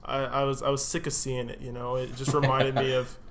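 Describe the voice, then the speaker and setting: A man's voice: medium pitch, a little fast, a crowd in the background. A young man co-hosting a podcast, telling a workplace story in casual chat and laughing through it as he swears freely. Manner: laughs through his stories, lively swearing. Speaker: podcast co-host.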